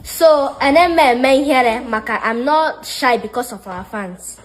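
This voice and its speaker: A woman's voice: on the high side, lively intonation, a little slow. Outspoken woman mixing Igbo and English. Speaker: discussion participant. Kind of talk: casual debate chat.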